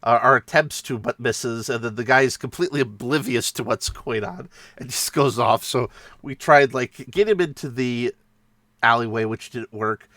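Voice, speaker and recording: A man's voice: mid-range voice, moderate pace, a bit bright, dry recording, studio quality. A man casually retelling a tabletop game session, rambling and self-mocking with frequent laughs. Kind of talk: casual storytelling.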